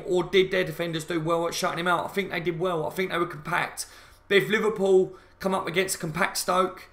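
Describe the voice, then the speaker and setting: A fired-up man rants through a live fan reaction stream, swearing and repeating himself as he talks to his viewers. His voice is bright and forceful, sitting a little high. The room around him is echoey. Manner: angry, sweary, repetitive ranting; addresses viewers as guys, reads out chat comments. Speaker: football fan channel host.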